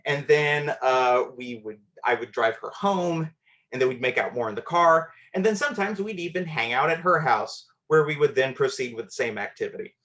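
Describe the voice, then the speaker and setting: A man's voice: mid-range voice, animated, moderate pace, fairly bright tone. A man telling a personal story on a storytelling show, conversational and self-deprecating, with fillers.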